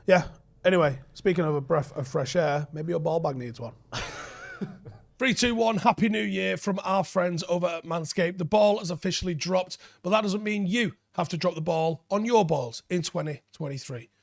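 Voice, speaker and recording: A man's voice: high-pitched, vocal fry. A man co-hosting a football podcast, joking through a cheeky ad read and casual banter. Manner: jokey, reads ad copy with punchy pauses. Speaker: podcast co-host.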